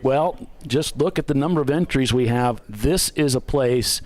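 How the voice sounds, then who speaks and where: A man's voice: medium pitch, moderate pace, a little mellow. Chatty man co-commentating a race.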